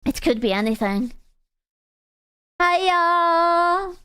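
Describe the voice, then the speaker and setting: A woman's voice: fairly high pitch, a little slow, clean tone. A young woman from Hungary with a Hungarian accent, a streamer chatting casually with viewers, teasing, rambling and swearing freely.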